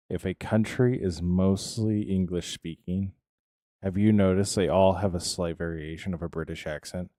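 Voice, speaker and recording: An American man streaming a building game, talking to his chat in a loose, rambling way. His voice sits low and deep, with a mellow, warm tone. The sound is dry and close, with no room echo. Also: steady tone, normal speed. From United States. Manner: rambling and chatty, answers chat by name. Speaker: live streamer.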